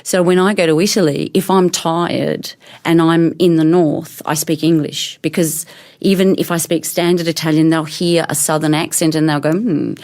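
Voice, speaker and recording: A middle-aged Australian woman, a guest actor, talking in a casual interview and telling stories with lively voiced reactions. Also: low voice, moderate pace. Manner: animated storytelling, voices others' reactions.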